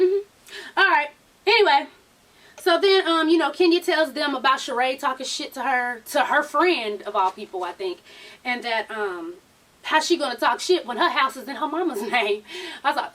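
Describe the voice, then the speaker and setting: A high-voiced woman gossips through a reality show recap, her pitch leaping all over as she acts out each cast member. She sounds a little distant from the microphone, like she's sitting back from a home setup. Her talk is loose, profane and full of sass. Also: fairly bright tone. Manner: sassy, profane, laughing, acts out the cast's lines. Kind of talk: casual recap chat.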